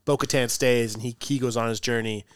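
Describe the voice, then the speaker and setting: Smooth-voiced relaxed podcast host man. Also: mid-range voice, a little fast, dry recording, studio quality. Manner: relaxed, wraps up the show. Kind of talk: casual chat.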